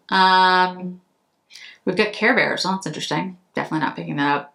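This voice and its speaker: A woman's voice: on the low side, moderate pace, gravelly, pushed and bright. A woman beauty vlogger from Massachusetts, chatting casually and rambling a little as she goes through products. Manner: chatty, rambling, self-correcting. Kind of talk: casual chat.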